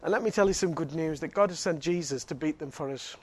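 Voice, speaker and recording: A high-pitched man, preaching from the pulpit. He tells his stories with animated energy, often laughing and restarting his sentences. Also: fast, slightly rough. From Northeast England. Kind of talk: sermon with a personal story.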